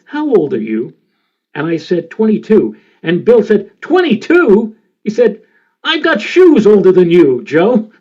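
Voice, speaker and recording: A man in his sixties from the New York area tells weather stories in a presentation. His voice sits a little high, and he rambles along with frequent filler sounds. The recording is dull and lo-fi. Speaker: meteorologist giving a presentation. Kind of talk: storytelling presentation.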